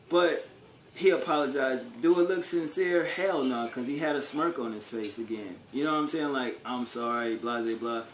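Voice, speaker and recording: Recorded in an echoey room with faint ambience and a bit of background noise, a man with a mid-range voice vlogs a casual rant. He says exactly what he thinks, swearing freely and leaning on street slang and rhetorical questions.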